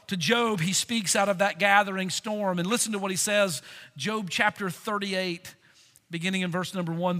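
A man preaching a sermon in an earnest, expressive way, stopping often to ask his listeners rhetorical questions. His voice sits very high and sounds sharply bright. The sound carries the long reverb of a large church sanctuary. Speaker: pastor.

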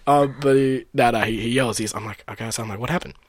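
A man's voice: mid-range voice, fast, slightly rough, no room sound. A man casually telling a party story, acting out the lines of others with lots of laughing. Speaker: storyteller guest. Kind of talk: casual chat.

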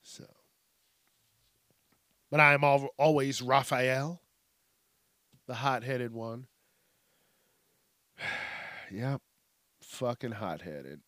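A man's voice: mid-range voice, steady tone, drawn-out words, pauses often, bright, forceful tone, no echo, clean studio sound. A middle-aged man hosting a podcast, ranting in a profane, rambling way that keeps breaking off mid-sentence. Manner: profane, rambling, self-interrupting. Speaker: podcast host. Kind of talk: casual comedic news rant.

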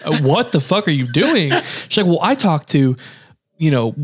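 Swearing, animated young man telling stories. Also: fairly high pitch, normal speed, slightly rough. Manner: animated storyteller, acts out quotes, swears a lot. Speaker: podcast co-host. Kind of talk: casual chat.

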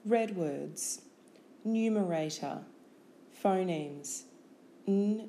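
A woman leads a spelling lesson, saying each word with great care and splitting it into sounds and syllables. She speaks very slowly in a low, mellow voice. A faint hiss sits behind her. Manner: careful, clearly enunciated, breaking words into sounds and syllables. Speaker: teacher. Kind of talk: slow, deliberate spelling lesson.

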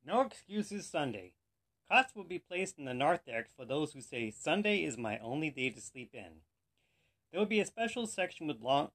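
A man hosting a podcast, telling jokes in an animated storytelling manner. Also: mid-range voice. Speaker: podcast host. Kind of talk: joke telling.

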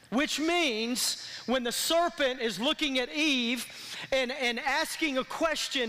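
A man's voice: very high voice, normal speed, pushed and bright. A man preaching a sermon as pastor, calling out to his congregation for responses. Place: church sanctuary. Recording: long reverb of a large hall.

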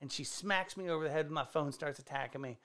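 A man, a stand-up comedian, telling a rambling profane story on a casual podcast with excitable energy. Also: fairly high pitch, fast. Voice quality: gravelly, excitable, swears freely.

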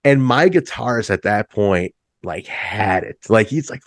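Low-voiced laid-back rocker man. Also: lively intonation, measured pace, no room sound, studio quality. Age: middle-aged. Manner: laid-back, swears freely, says "like" often, jumps high when acting out stories. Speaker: band musician, interview guest. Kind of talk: casual storytelling chat.

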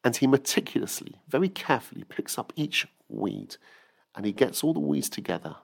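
A man gives an earnest Torah talk in a gravelly voice of middling pitch. He tells stories and acts out the voices of the people in them. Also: big pitch swings, brisk. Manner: earnest storytelling, acts out the quotes. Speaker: rabbi teacher.

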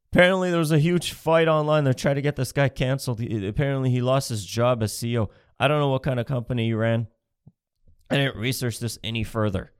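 Male comic from Canada, mid-pitched voice, sarcastic and crude, dry close recording. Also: clear, resonant tone, no echo. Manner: profane, sarcastic, mocking. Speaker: comedian. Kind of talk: comedic rant.

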